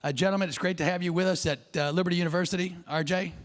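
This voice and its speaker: A man's voice: sits high, steady tone, racing. A man hosting a live summit who is losing his voice, talking upbeat with many fillers in an event room before an audience. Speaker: summit host.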